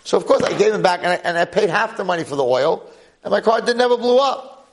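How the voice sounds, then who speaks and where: An older American man, a rabbi, giving a jokey, animated class full of rhetorical questions. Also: high-pitched, quick pace. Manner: jokey, acts out quoted voices, punchy rhetorical questions. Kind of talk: animated storytelling lecture.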